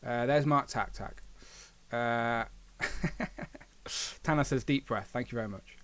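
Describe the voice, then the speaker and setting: A man's voice: medium pitch, slow, a bit bright. A man from England with a Coventry accent, hosting a casual live stream, chatty and self-deprecating and laughing often. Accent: English, Coventry.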